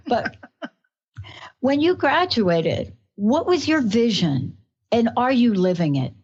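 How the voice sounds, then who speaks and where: A talk radio host with a New York accent speaks in an effusive, rambling way at a middle pitch. Her emotion keeps spilling into her questions. The broadcast sound is slightly muffled. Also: very animated, takes it slowly, a little mellow.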